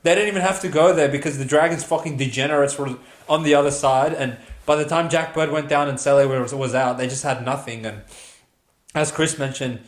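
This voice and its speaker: A man's voice: a little high, fairly even intonation, fairly quick. A man co-hosting a sports podcast, breaking down games with blunt, profane chat. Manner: blunt, profane, chatty analysis. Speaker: podcast co-host. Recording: roomy echo.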